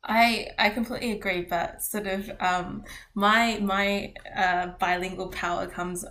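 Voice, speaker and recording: A woman's voice: medium pitch, steady tone, a little slow, sharp tone, slight background noise. A woman chatting casually as a podcast co-host, easygoing and curious, with plenty of fillers. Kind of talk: casual chat.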